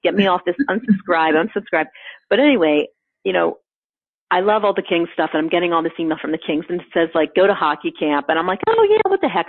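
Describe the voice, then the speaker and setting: A woman telling a funny personal story in casual chat, animated and laughing often, acting out the quotes. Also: fairly low pitch, breathy edge, dry recording. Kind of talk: casual anecdote. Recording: phone-like narrow sound.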